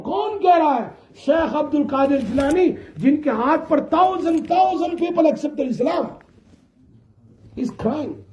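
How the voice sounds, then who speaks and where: A man delivers an impassioned sermon in a very high but mellow voice, swinging between hushed pleading and loud exhortation. The recording is echoey and dull, with a muffled lo-fi sound. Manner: impassioned, swinging from soft to shouting. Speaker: preacher.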